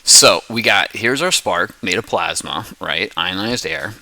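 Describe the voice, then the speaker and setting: A man hosting his own science video, explaining a rambling theory in casual talk, coughing and clearing his throat often, with playful beep-boop noises. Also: fairly low pitch, bright, forceful tone, no room sound, low-quality recording. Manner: adds playful beep-boop sound effects. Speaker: hobbyist science video host.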